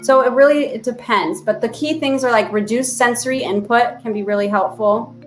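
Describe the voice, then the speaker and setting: A woman's voice: on the high side, normal speed. Woman therapist around thirty, casual podcast guest, chatty, fillers and restarts, faint music behind.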